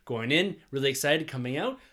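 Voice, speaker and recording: A man's voice: medium pitch, lively intonation, brisk, a bit bright. A man hosting a podcast, chatting earnestly and enthusiastically with his co-hosts and thanking listeners. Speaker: podcast host. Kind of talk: casual podcast chat.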